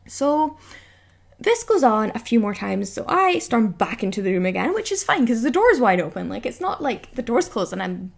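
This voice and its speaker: A woman's voice: fairly high pitch, very animated, moderate pace, gravelly. A young woman telling a story on her vlog, exasperated and giggly, acting out what everyone said. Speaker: vlogger.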